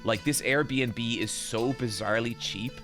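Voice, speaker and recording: A man's voice: medium pitch, unhurried, over music. A man hosting a stream, casually telling a rambling, self-deprecating story while tired after a very long session. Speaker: streamer and podcast host.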